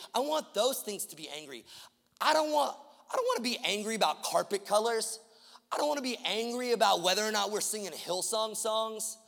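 A male pastor preaching a sermon with impassioned, repetitive delivery that swings from hushed to loud. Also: sits high, vocal fry. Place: church auditorium. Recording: long reverb of a large hall.

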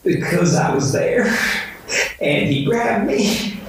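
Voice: mid-range voice, animated, slow, background noise. A tabletop player speaking in character, stammering and nervous. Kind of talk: casual tabletop play. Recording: echoey room, far from mic.

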